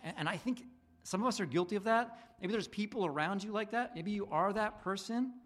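A man's voice: sits high, fairly quick. A man preaching a sermon in a casual, rambling way, with many restarts and fillers, acting out bits of dialogue in different voices. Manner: acts out dialogue in animated voices. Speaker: pastor.

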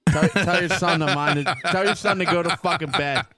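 A man's voice: on the high side, fairly quick, sharp tone, no echo. A man co-hosting a casual draft-night chat, teasing and jumpy in the banter. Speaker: podcast co-host.

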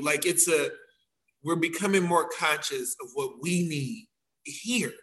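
Man dance teacher, casual chat, bright tense voice, slightly high, acts out quotes. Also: normal speed, poor audio. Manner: animated, acts out quotes of himself and others. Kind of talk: casual conversation.

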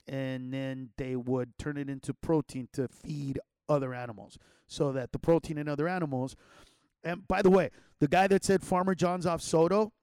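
A man's voice: a little high, darkish tone, dry recording, clean studio sound. A man telling a childhood story in a loose, rambling way, with slang and many restarts. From Los Angeles area. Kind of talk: casual personal storytelling.

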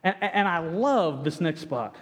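A man's voice: a little high, animated, unhurried. A man preaching a sermon with earnest, stammering restarts, acting out the quoted lines. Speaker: pastor. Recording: echoey hall reverb.

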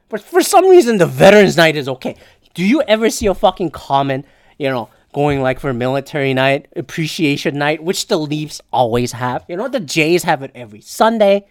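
A woman's voice: deep voice, a little mellow, dry recording, clean studio sound. A woman hosting a solo podcast, ranting casually with lots of swearing, sarcastic and opinionated. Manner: profane, ranting, swears often. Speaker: podcast host.

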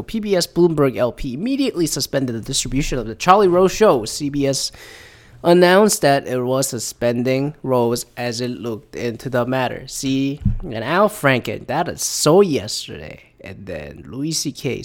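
A man in his thirties giving profane, sarcastic commentary, reading news statements aloud and reacting to them. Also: mid-range voice. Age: 30s. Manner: sarcastic, swears a lot.

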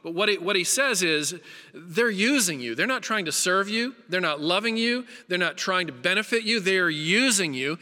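A man's voice: high voice, expressive, moderate pace, bright, forceful tone. Earnest man preaching in a reverberant hall. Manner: earnest, emphatic preaching with repeated phrases and restarts. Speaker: pastor. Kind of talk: sermon.

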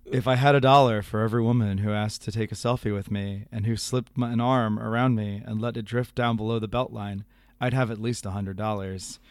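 A man doing an impression of an older male radio storyteller, reading in a low, slow, deadpan way very close to the microphone. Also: smooth, dry recording, lightly acted.

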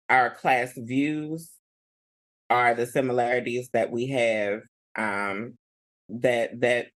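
A man's voice: mid-range voice, fairly bright tone. A man in casual podcast chat who talks in an easygoing, sassy way and laughs easily. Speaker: podcast co-host.

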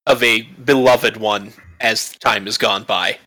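A man's voice: fairly low pitch, fairly even intonation, slow pace, pushed and bright, low-quality recording. A man co-hosting a casual podcast chat, adding short remarks and recalling details hesitantly. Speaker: podcast co-host.

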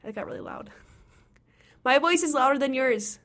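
A young woman co-hosting a podcast in casual chat, bubbly and excitable, often giggling. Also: high voice, normal speed, gravelly. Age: young adult. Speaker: podcast co-host.

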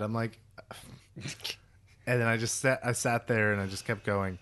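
Speaking at a moderate pace with long pauses, a man with a voice on the low side co-hosts a podcast. He spins stories in relaxed chat, animatedly acting out the people he quotes.

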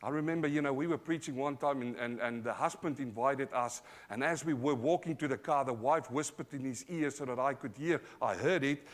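A man with an Australian accent preaching a sermon live in church, emphatic, calling out to the congregation, swinging from loud to quiet. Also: medium pitch, brisk, few pauses. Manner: emphatic, call-and-response preaching. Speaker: pastor.

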